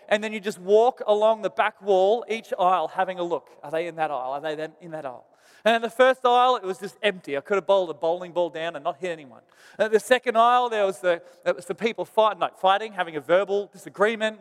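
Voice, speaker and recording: A man's voice: high-pitched, clean tone, long reverb tail. A man, a pastor telling a self-deprecating story in a sermon.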